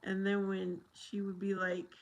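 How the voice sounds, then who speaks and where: A woman's voice: medium pitch, completely flat delivery, measured pace, gravelly, rough recording. An American woman hosting a casual livestream, rambling and chatty as she talks with viewers and laughs often. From United States.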